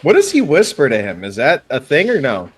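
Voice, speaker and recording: A man's voice: medium pitch, huge pitch swings, brisk, slightly rough. A man co-hosting a movie review show, laid-back, asking questions and prompting the others to talk. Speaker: movie review podcast co-host. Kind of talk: casual chat.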